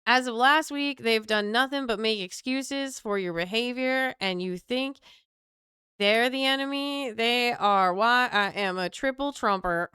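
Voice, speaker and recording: Lady doing a huffy southern twang, fed-up supporter venting, bright crisp voice. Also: fairly high pitch, unhurried, dry recording, clean studio sound. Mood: indignant. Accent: put-on Southern US. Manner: indignant, folksy exclamations. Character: fed-up Southern Trump supporter ranting online.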